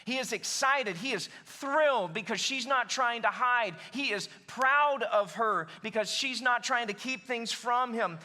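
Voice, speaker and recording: A male pastor delivering an animated sermon in a church. His voice sits high and sounds bright and forceful. He talks emphatically and speaks straight to his congregation. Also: a little slow, few pauses. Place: church sanctuary.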